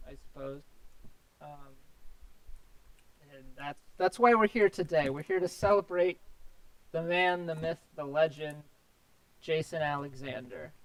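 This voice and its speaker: A man hosting a podcast in casual chat, rambling and self-deprecating, his voice slightly hoarse. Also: fairly high pitch. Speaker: podcast host.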